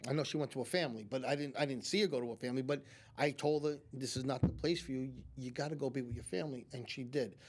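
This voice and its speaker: A man's voice: mid-range voice, fairly even intonation, fast, few pauses, darkish tone, a little hiss or hum. A man, a psychic medium guest on a studio talk show, telling long anecdotes with many restarts and acting out what people said. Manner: rambling anecdotes with many restarts and acted-out quotes. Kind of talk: storytelling in a talk show interview. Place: community TV studio.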